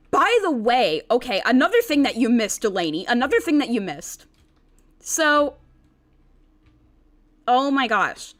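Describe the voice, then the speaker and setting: A woman streaming a game into a desk microphone, excitable and giggly, rambling with many restarts. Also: on the high side, unhurried, long pauses. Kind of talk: casual game let's-play.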